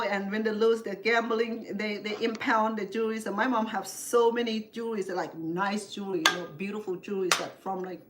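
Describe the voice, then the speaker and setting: An older woman with a medium-pitched voice hosts a cooking show, chatting and rambling through family stories while she cooks and acting out her relatives' voices. There's a little hiss or hum on the recording.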